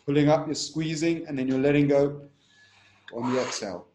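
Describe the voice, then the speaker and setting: A man's voice: on the high side, steady tone, moderate pace, darkish tone, echoey room, slight background noise. A man teaching a breathing technique in an interview, instructive and repetitive, often checking in with "right?".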